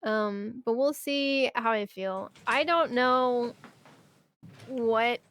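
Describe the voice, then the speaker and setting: Animated, foul-mouthed young woman streamer ranting. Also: a little high, drawn-out words. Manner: animated, swears often, rants with mock outbursts. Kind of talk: casual chat.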